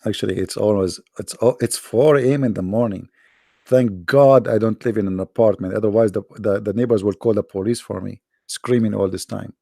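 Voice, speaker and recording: A man hosting a live debate stream, tired and hoarse, talking in a sarcastic, taunting way. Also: lowish voice, fairly quick, mellow, dry recording, studio quality. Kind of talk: casual mocking live-stream talk. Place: quiet room at home.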